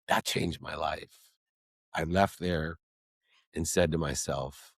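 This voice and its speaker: A man's voice: extremely low pitch, fairly even intonation, slow, gravelly, long pauses, slightly rough, no room sound, clean studio sound. A middle-aged man, a guest in an interview, telling a personal story with emphatic, rhythmic lists of alliterative words.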